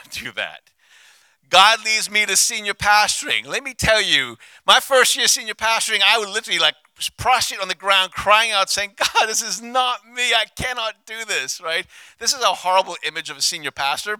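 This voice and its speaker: A man preaches into a handheld mic, his voice high and strikingly bright. He is passionate, dropping low and quiet, then rising to loud, ringing declarations. The sound is close and dry, with almost no room. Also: no echo. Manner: passionate, swings from hushed to loud. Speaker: pastor. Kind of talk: sermon.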